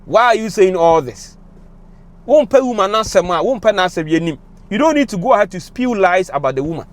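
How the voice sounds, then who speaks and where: Impassioned fast-talking Ghanaian man. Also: high voice, animated. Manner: emotional, impassioned, switches between English and Twi. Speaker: commentator. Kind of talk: passionate commentary to camera.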